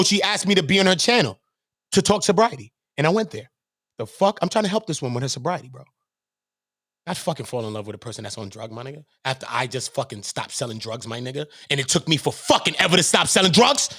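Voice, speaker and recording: A New York man venting on his livestream, his pitch sitting a little high and swinging wildly as he works himself up. He repeats lines and slips into other people's voices, loose and profane. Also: quick pace, husky, no room sound, clean studio sound. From Brooklyn, New York. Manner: animated, repetitive, profane, acts out quoted voices. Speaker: channel host. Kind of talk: heated livestream rant.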